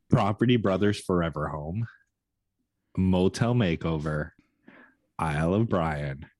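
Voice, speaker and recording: A man's voice: low-pitched, lively intonation, slow, long pauses, darkish tone, dry recording, studio quality. A man from Canada co-hosting a podcast in casual chat, profane and blunt with a jokey edge. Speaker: podcast co-host.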